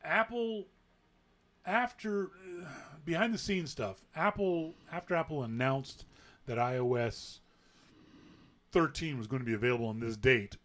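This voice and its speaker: A man hosting a casual tech podcast, patiently explaining software updates and acting out quotes in an animated way. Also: on the high side, unhurried. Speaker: podcast host.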